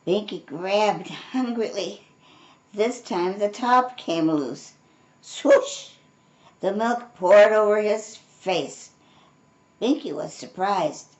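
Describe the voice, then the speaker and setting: An older woman reading a storybook aloud, gentle and unhurried, with friendly asides to young listeners. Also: medium pitch. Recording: roomy echo.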